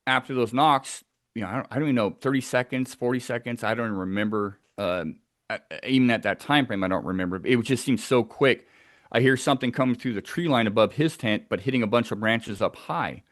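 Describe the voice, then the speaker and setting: A man's voice: medium pitch, fairly quick, fairly bright tone, dry recording, clean studio sound. A man telling a tense first-person story of a wilderness encounter, acting out the sounds as he goes.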